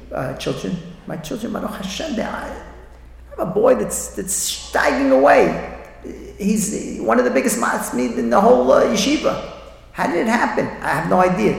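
Animated man speaking in an echoey hall. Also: high-pitched, vocal fry. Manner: animated, repeats phrases, acts out quoted voices. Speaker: speaker at a religious talk. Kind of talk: inspirational talk with storytelling. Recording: echoey hall with long reverb.

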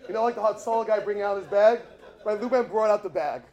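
A man teaching a lively Torah class, an animated storyteller who chuckles and drops asides. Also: high-pitched, fast.

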